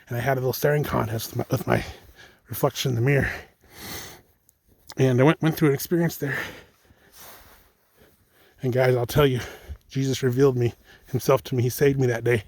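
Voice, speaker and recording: A man's voice: mid-range voice, normal speed, creaky, pauses often, a little mellow, dry recording. A young man talking casually to viewers in a vlog, telling a personal faith story in a rambling, self-correcting way and calling them guys. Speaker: channel host. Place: outdoors, picking up mail.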